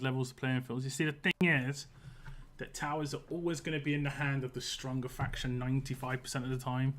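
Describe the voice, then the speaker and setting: A man with a West London accent, chatting casually with his viewers while he plays a mobile game, rambling and answering them as he goes. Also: mid-range voice. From England. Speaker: game streamer. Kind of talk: casual livestream chat while playing.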